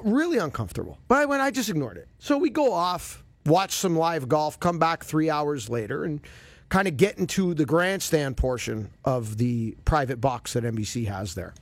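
Brief: male golf radio host, lively storyteller, slightly high voice, dry close sound. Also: moderate pace, no room sound. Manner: animated, expressive storyteller. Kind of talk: casual storytelling chat.

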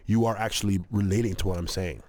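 A man's voice: fairly low pitch, fast. A man guesting on a podcast as a comedian, telling stories animatedly with plenty of laughter. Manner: animated storyteller, lots of laughter. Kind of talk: casual chat.

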